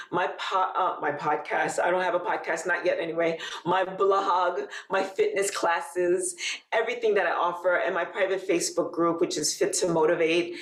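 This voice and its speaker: A woman's voice: on the low side, reverberant. A woman guest on a podcast, a fitness coach speaking in casual chat, laughing often and encouraging emphatically.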